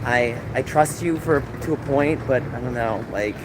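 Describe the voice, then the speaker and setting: A man's voice: mid-range voice, moderate pace. An exhausted man hosting a live stream, venting emotionally and apologizing to his chat. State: tearful. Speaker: livestream host. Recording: loud outdoor background noise.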